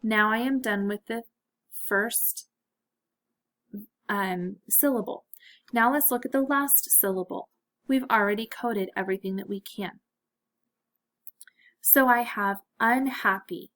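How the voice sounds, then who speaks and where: Teacher, female, slow and clear, slightly high voice, gently encouraging. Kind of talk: phonics lesson for children.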